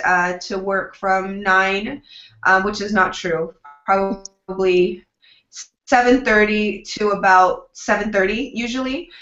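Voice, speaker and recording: Bright-voiced chatty woman publicist. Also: medium pitch. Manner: upbeat, chatty, acts out quoted dialogue. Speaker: publicist, guest. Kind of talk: casual interview answers. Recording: roomy, dull lo-fi sound.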